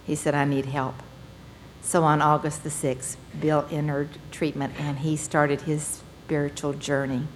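Middle-aged lady giving her testimony at a meeting, earnest and folksy, lowish voice, bit of faint hiss. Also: a little slow. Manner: earnest storytelling, animated bursts, folksy phrasing. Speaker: speaker sharing her recovery story. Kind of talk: personal testimony talk to a meeting.

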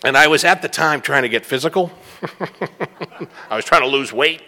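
A man's voice: fairly high pitch, normal speed, bright, forceful tone, in a large hall. A middle-aged man from the Boston area giving a rambling, self-mocking personal talk at a recovery meeting.

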